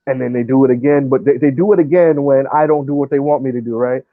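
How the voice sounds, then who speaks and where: A man's voice: mid-range voice, fast, no echo. A man joining a livestream chat, joking and restarting his words. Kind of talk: casual chat. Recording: tinny phone-like line.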